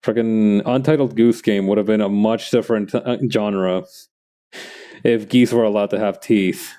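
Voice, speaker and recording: With a fairly low, dark voice at a moderate pace and steady tone, a comic artist streams his work. He chats casually about his drawing and drifts into rambling, thoughtful asides.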